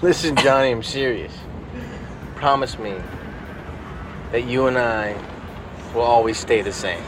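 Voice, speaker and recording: A man's voice: mid-range voice, measured pace, lightly acted. An actor playing a sincere young man earnestly begging his best friend to stay the same, over music.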